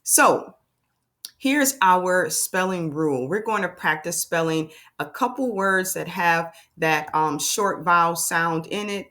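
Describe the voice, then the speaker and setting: A woman in her thirties teaches young children to spell, slow, upbeat and drawn-out. She stretches each letter sound as she talks, and her voice sits a little low for a woman. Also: sharp tone. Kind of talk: children's phonics lesson.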